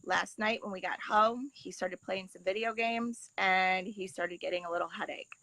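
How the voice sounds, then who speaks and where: Woman guest, mid-pitched, matter-of-fact, dry close sound. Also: steady tone, moderate pace, pushed and bright, dry recording, low-quality recording. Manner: plain, matter-of-fact explaining. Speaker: guest, mother of a patient. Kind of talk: casual video-call interview.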